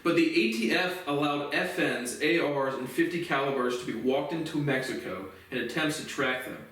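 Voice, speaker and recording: A man's voice: fairly high pitch, moderate pace, a bit bright. Ranting man in an echoey room. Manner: profane, aggrieved ranting with many restarts. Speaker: host of a solo commentary series. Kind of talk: casual rambling monologue. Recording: very echoey room, voice from a distance off the mic.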